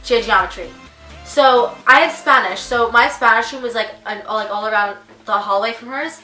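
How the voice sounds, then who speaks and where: Teenage girl, casual vlog story, slightly high bright voice, echoey room. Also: normal speed, far from the mic, faint music behind. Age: teens. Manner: chatty, lots of filler. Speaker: vlogger.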